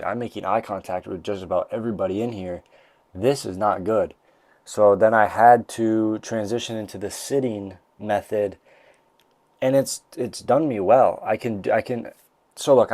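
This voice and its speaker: Young man, casual podcast host, rambling jokes, low voice, dry sound. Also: warm tone, dry recording. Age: young adult. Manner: rambling, jokey, full of restarts. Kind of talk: casual comedic monologue. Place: college bathroom. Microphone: desk mic.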